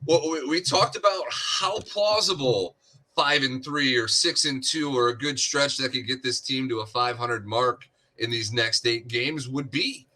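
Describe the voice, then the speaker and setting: A man on a sports podcast who talks through the game in a measured, analytical way. His tone is very bright and sharp, with a middle pitch. He drops in some dry humor along the way. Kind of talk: casual analytical chat.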